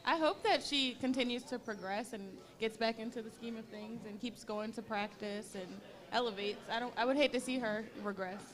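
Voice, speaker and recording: A woman's voice: fairly high pitch, normal speed, few pauses, a crowd in the background. A young woman guest on a casual podcast, chatty and frank, often giggling.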